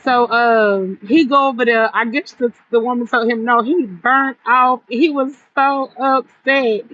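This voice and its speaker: A woman's voice: a little high, fairly even intonation, measured pace, fairly bright tone, lo-fi sound, slight background noise. A woman vendor livestreaming from an outdoor stall in the cold, chatting casually and retelling a run-in with a customer. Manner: chatty, retells arguments with quoted back-and-forth. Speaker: vendor selling gift baskets on a livestream.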